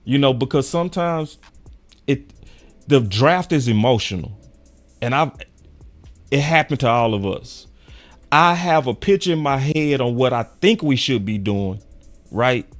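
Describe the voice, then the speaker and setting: A young man hosting a sports show in casual, animated chat, full of slang and quick laughs. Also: medium pitch, faint music behind. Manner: animated, slangy, laughs often, quotes fans in raised voice.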